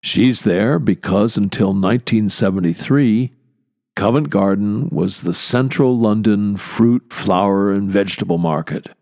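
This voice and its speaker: An older man giving a measured, deliberate spoken lecture, explaining things carefully. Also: fairly low pitch, darkish tone.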